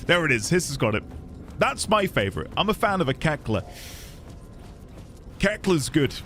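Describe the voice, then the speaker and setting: A man streaming a video game live, chatting casually with his viewers, animated and quick to laugh at himself. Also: a little high, a little hiss or hum. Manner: animated, laughs often, self-deprecating asides to chat. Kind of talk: casual live gaming commentary.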